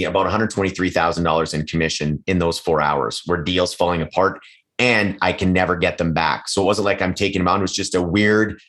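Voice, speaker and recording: Candid, low-voiced man who swears freely. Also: a bit bright. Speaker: podcast guest, real estate agent. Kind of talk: casual conversational interview.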